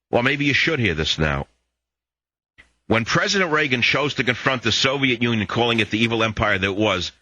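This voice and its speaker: A man's voice: medium pitch, bright, forceful tone, dry recording. An older man hosting a political talk radio show, lecturing listeners in a combative monologue and telling jokes.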